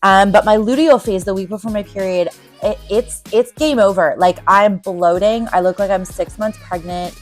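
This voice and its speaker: A woman's voice: mid-range voice, moderate pace, soft background music. A woman in her forties hosting a casual solo podcast as a recovery coach, talking in a candid, rambling way with frequent ums.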